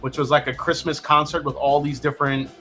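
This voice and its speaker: A man's voice: fairly high pitch, little pitch movement, a little fast, sharp tone, faint music behind. A middle-aged man hosting a casual live stream, joking and swearing freely as he chats with a guest and reads the chat. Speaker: livestream host.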